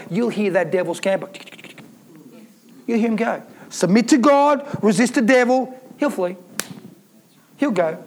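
A man preaches an emphatic sermon, calling out to his congregation for responses. His voice sits very high for a man. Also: expressive, measured pace, long pauses. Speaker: pastor.

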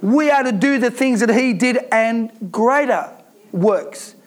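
High-voiced male preacher. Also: takes it slowly. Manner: emphatic, call-and-response preaching. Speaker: pastor. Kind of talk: sermon.

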